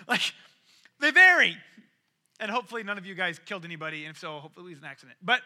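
Animated, bright-voiced male preacher. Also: high-pitched. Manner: animated, acts out quoted voices, varies loudness widely. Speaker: pastor. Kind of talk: sermon.

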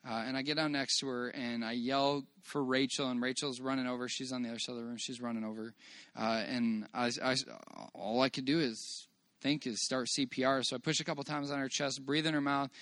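A man telling a personal church testimony to a congregation in a church meeting room, earnest and halting as he restarts phrases and praises God. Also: mid-range voice, little pitch movement, fairly bright tone, no room sound. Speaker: father giving a church testimony.

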